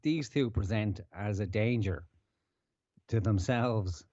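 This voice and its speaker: A podcast host rants in a low, mellow voice, cursing freely as he argues his point. The sound is dry and a little dull, like a lo-fi podcast mic. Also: slow pace, no room sound. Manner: ranting, heavy swearing. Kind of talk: casual profane commentary.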